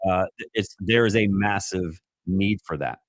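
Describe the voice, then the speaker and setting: A man speaks to pastors on a live stream as a Christian life coach, his voice sitting fairly low. He talks earnestly and rambles, restarting his sentences and filling the gaps with ums and uhs. The sound is dry and close, with no room around it. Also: measured pace, dry recording.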